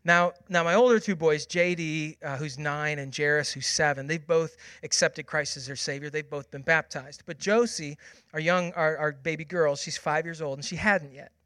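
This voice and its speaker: High, bright-voiced man preaching. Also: steady tone, normal speed, smooth, no echo. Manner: personal storytelling, swings from hushed to loud. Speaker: pastor. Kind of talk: sermon.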